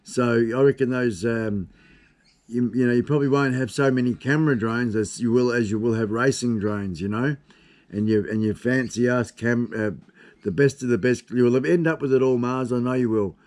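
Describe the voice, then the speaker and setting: A man's voice: mid-range voice, moderate pace, darkish tone. A man in his fifties with an Australian accent, hosting a casual live stream from his desk at home. He rambles along in a chatty way and swears casually. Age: 50s. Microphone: camera on desk.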